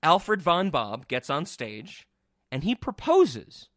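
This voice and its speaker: A man's voice: fairly high pitch, slow, no room sound. A man hosting a casual podcast, telling a movie's plot and acting out the characters' lines. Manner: animated storytelling, acts out quotes. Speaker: podcast host. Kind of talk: casual chat.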